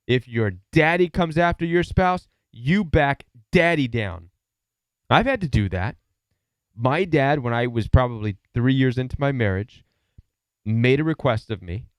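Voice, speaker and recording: A man with a mid-range voice hosts a live stream in clean studio sound with no room echo. As a relationship advisor, he gives earnest, emphatic advice and tells casual stories, often repeating words.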